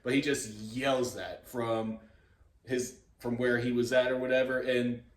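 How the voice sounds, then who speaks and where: A man's voice: medium pitch, unhurried. Rambling man vlogging in an echoey room. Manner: rambling, relaxed, frequent fillers and chuckles. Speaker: YouTube host. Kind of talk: casual vlog storytelling.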